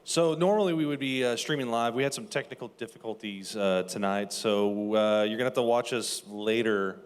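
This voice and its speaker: A man's voice: medium pitch, a little fast, clean tone. A man co-hosting a live podcast at a music venue, ribbing a guest in a casual, dry way. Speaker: podcast co-host. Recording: live venue with long reverb.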